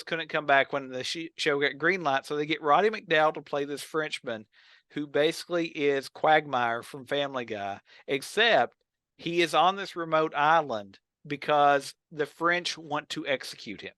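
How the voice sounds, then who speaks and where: A man with a bright, forceful, somewhat high voice chats casually on a podcast, retelling old television scenes with lively energy. The sound is close and dry. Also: moderate pace, no room sound. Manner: animated storyteller, acts out quotes. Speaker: podcast co-host. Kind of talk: casual chat about old films and TV.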